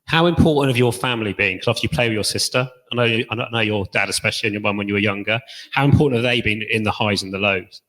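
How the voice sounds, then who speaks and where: A man's voice: lowish voice, fast, a bit bright, poor audio. A man hosting a panel, asking casual questions and laughing easily. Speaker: panel host. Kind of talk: interview questions.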